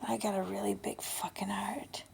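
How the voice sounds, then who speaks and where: Gravelly fifty-year-old woman, blunt and swearing. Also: mid-range voice, little pitch movement, moderate pace, slight background noise. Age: 50s. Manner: blunt, heavy swearing, hushed and breathy then loud. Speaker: vlogger. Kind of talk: candid personal vlog.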